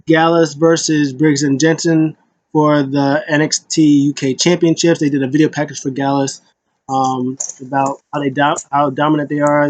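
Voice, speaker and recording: A man's voice: mid-range voice, lo-fi sound. A man casually recapping a wrestling show, rambling with lots of fillers and briefly paraphrasing the wrestlers.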